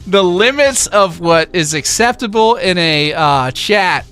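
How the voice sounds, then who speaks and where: A livestream host chats with viewers and reads chat messages, animated and excitable, hyping things up quickly with lots of filler words. His voice is bright and a little high, with faint music underneath.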